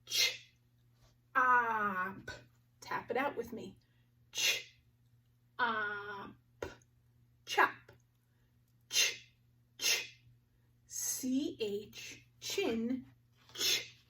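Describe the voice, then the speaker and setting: A woman teaching a phonics lesson to young children, slowly sounding out each word with clear articulation. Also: fairly high pitch, a bit bright, far from the mic.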